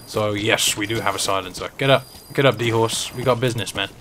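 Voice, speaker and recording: A man's voice: lowish voice, fairly quick, fairly bright tone, slight background noise. A man giving casual, joking live-stream commentary while he plays and chats to the game's characters. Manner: joking, chatty, talks to the game characters. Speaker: gaming streamer.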